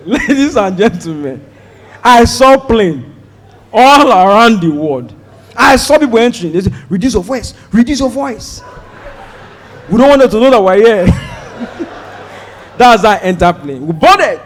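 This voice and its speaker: Nigerian man, stand-up comic, high voice, wildly swinging pitch, storytelling. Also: unhurried, pauses often, long reverb tail, slight background noise. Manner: animated, acts out dialogue with sudden loud outbursts. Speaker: stand-up comedian.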